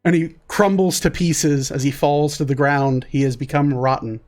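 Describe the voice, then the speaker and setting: A woman narrating as the game master of a tabletop game, describing scenes calmly and in detail. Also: low-pitched, normal speed, faint music behind.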